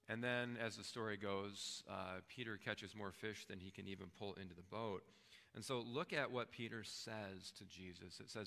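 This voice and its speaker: A pastor preaches in an easy, conversational way and keeps checking in with the room. His low voice has a gravelly grain and a bright, forceful edge. The words ring out in a church hall with a long reverb tail. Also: moderate pace. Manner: conversational, often checks in with "right?". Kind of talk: sermon. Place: church sanctuary.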